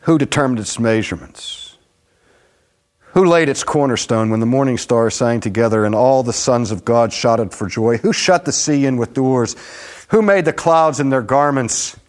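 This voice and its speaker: God as a stern, all-powerful voice, put on by a preacher, rebuking and pressing question after question. The man lets the lines swing from loud and forceful down to slow and hushed. The delivery stays in a middle register. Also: medium pitch, lightly acted. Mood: demanding. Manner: commanding, rebuking, rhetorical questioning.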